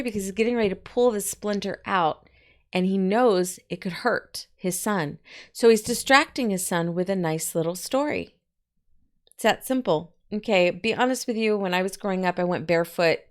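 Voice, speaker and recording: A woman walks a class through a poem in a loose, chatty teaching voice, full of asides. Her voice sits fairly low for a woman, and she explains the lines plainly. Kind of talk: poetry lesson, casual explaining.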